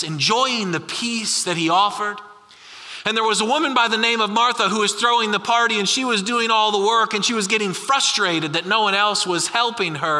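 Bright, high-voiced man preaching in a hall. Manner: conversational, repeats questions, slows down for emphasis. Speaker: pastor. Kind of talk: sermon. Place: large church hall. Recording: long reverb of a large hall.

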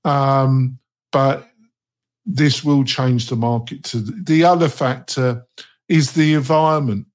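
English guy talking slow and thoughtful on a podcast, dry humor. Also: mid-range voice, steady tone. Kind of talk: casual podcast talk.

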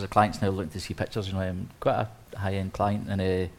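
A man, an interior designer, telling a lively story on a live panel, acting out quotes with many restarts. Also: sits low, fast talker. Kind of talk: anecdote on a live panel talk.

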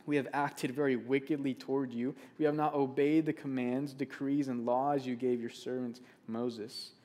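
A man's voice: mid-range voice, level tone, normal speed, mellow. A man preaching a sermon, speaking earnestly, repeating key phrases for emphasis and reading scripture aloud.

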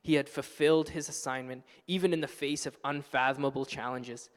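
A man preaching a sermon as pastor, earnest and passionate, building to loud exclamations. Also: mid-range voice, fairly even intonation, fairly quick, in a large hall. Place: church sanctuary.

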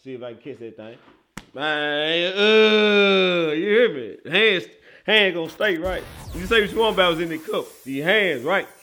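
A man from Memphis with a Southern accent hosting casual sports talk, excitable and often laughing and exclaiming. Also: high voice, a little slow. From Memphis, Tennessee. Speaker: sports show host.

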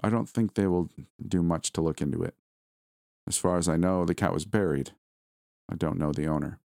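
A man reads a horror story aloud in a steady, somber storytelling manner. His voice is very low, and the recording is dry and close, with no room echo. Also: normal speed, creaky. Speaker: narrator. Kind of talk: scripted horror story narration.

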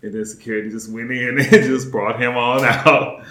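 A man's voice: medium pitch, measured pace, pauses often, roomy sound, very noisy. A man hosting a podcast, telling a story in casual chat, laughing and swearing as he goes. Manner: laughing, profane, animated retelling. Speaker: podcast host.

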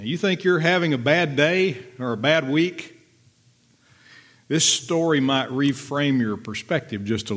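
A middle-aged man teaching the Bible verse by verse as a pastor, earnest and conversational, often asking his listeners rhetorical questions. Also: mid-range voice.

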